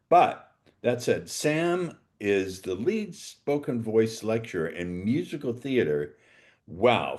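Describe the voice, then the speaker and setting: A man hosts a podcast interview, playful and jokey, delivering his lines with theatrical emphasis. His voice is low-pitched and a little mellow.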